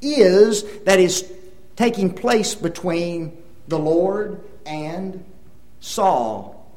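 An older male preacher teaching a Bible lesson in a high, very lively voice. He tells stories and acts out the people in them, then turns to the congregation with questions. The delivery moves between quiet explanation and loud, animated bursts. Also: drawn-out words, echoey room, rough recording. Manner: animated storytelling, acts out dialogue, asks the audience questions. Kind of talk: sermon.

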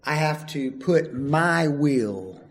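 A man preaching a sermon, emphatic and full of rhetorical questions, swinging from loud calls to hushed asides. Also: a little high, expressive, extremely slow.

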